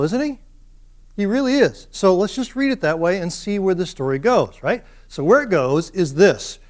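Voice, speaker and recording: A male university lecturer giving a classroom lecture in an animated way, putting questions to his students. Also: sits high.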